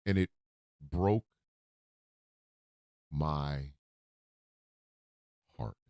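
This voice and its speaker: A man hosting a radio show, talking from the heart in a profane, emotional monologue that swings into loud outbursts. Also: extremely low pitch, extremely slow, clear, resonant tone, dry recording, studio quality. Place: radio studio.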